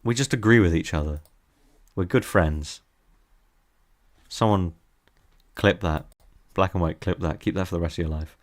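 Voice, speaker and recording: A man's voice: low-pitched, moderate pace, long pauses. A young man streaming from his desk, teasing his chat in a playful, casual way.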